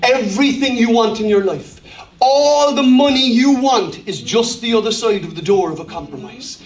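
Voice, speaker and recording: An Irish pastor preaching a humorous, lively sermon, rising to shouts at high points. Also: male voice, normal speed, echoey room, recorded from a distance.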